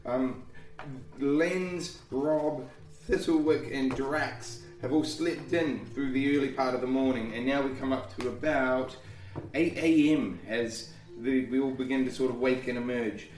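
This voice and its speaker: A man's voice: medium pitch, unhurried, a little mellow. A man narrates a tabletop game as dungeon master, in a loose, rambling way with many restarts. His voice sits in a middle range. The recording is roomy and picked up from some distance. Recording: echoey room, far from mic.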